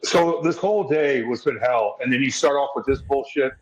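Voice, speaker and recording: A man's voice: medium pitch, moderate pace. A man co-hosting a podcast, talking bluntly and irritably with lots of swearing, from a hotel room. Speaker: podcast co-host. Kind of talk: casual podcast chat. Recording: roomy, dull lo-fi sound.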